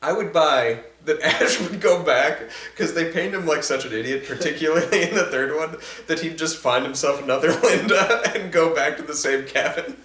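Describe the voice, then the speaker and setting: A man in a casual movie commentary chat, easygoing and quick to agree. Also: on the high side, a bit bright, roomy sound. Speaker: film commentator.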